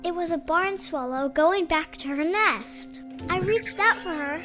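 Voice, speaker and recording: A woman voicing a hungry, curious young girl reading her diary aloud in a game, in a soft childlike voice. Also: very high-pitched, a little slow, full character voice. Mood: dreamy. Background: game music.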